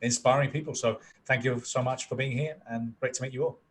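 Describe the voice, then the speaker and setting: A man's voice: mid-range voice, fairly even intonation, fast talker. A man with a British accent co-hosting an online panel in a casual, joking, friendly way. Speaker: co-host.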